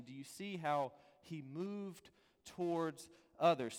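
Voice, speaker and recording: A man preaching a sermon as a pastor, earnest and pleading, dropping from loud to hushed. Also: high voice, big-room sound.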